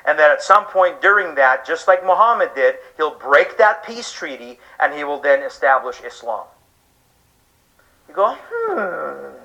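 Male preacher, high bright voice, emphatic lecture with rhetorical questions, live talk. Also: expressive, normal speed, low-quality recording. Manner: emphatic, rhetorical questions, acts out listeners' reactions. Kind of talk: sermon-style lecture to an audience.

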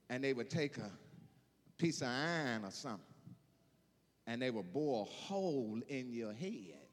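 A man preaching an emphatic sermon, repeating phrases and building to shouted peaks. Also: medium pitch, long reverb tail. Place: church.

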